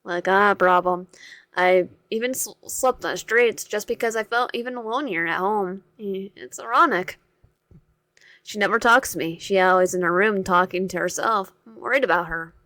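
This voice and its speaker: Brief: woman reads as a soft-spoken, troubled teen boy from a visual novel, halting delivery, dry close sound, mid-range voice. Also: medium pitch, no room sound, close to an everyday voice. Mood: hurt. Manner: halting, stumbling over words.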